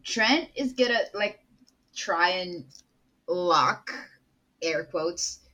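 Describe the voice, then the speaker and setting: A woman playing a tabletop role-playing game, expressive and swearing freely. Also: on the low side, very slow. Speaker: player.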